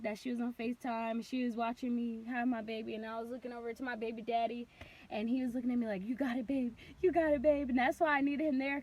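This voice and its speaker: High-voiced young woman telling a rambling story. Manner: rambling, heavy on "like", reenacts moments with sudden loud cries. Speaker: vlogger. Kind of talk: casual storytime vlog.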